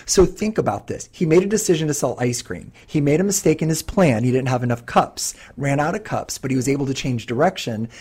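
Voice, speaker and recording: A man in his fifties co-hosting a podcast, telling stories in a casual, animated way with lots of fillers. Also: medium pitch, brisk, few pauses, breathy edge. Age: 50s. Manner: animated storyteller, many fillers. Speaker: podcast co-host.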